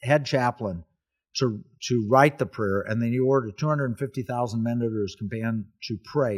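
A man's voice: mid-range voice, normal speed, slightly rough. A man hosting a talk show, telling a wartime story in an earnest, emphatic way with repeated phrases. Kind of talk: casual history talk.

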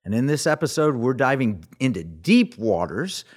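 A man's voice: mid-range voice, very animated, normal speed. A middle-aged man hosting a radio talk show, with an emphatic, scripted delivery.

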